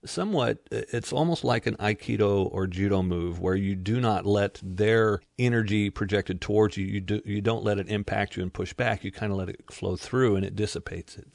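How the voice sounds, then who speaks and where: A man's voice: fairly low pitch, moderate pace, gravelly, hardly any pauses, darkish tone, dry recording, studio quality. A man hosting an interview, engaged and reflective as he asks questions. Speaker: interview host. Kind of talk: conversational interview.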